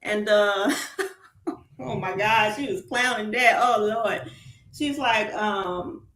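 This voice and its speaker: Animated Southern woman, roomy echo. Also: medium pitch, takes it slowly. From Southern United States. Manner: animated, laughing, rambling with fillers. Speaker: guest. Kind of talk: casual chat.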